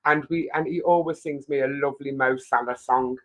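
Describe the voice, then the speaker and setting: A woman's voice: sits low, normal speed, hardly any pauses, dull audio. Chatty woman host. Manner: chatty, rambling, laughs often. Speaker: live stream host. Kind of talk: casual live stream chat.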